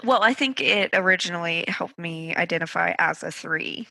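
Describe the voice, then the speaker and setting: A woman chatting on a podcast about herself in a candid, self-mocking way. Her voice is bright and sits a little low for a woman. The sound is close and dry. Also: normal speed, vocal fry, no room sound. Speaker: podcast co-host. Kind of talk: casual chat.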